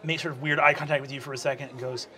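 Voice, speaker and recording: A man's voice: mid-range voice, flat delivery, sharp tone. Game master, man, casual tabletop narration, calls for checks. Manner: quick, casual narration with fillers.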